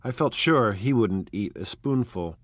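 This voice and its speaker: A man narrates a novel in a steady, measured, unhurried way. His voice sits low, recorded close with a dry, dead sound. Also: breathy edge, no echo. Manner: measured, even, unhurried reading. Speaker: audiobook narrator. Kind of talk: scripted narration.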